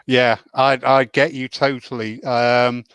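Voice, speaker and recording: A man hosting a relaxed spiritual discussion, voice mid-range in pitch. He talks with earnest emphasis and chatty asides. The recording is dry and close. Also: slow pace, clear, resonant tone, no echo. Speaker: host.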